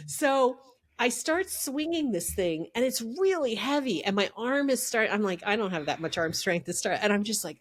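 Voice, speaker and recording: A middle-aged woman, a podcast guest, telling a story in a lively, casual way and laughing as she goes. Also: medium pitch, moderate pace.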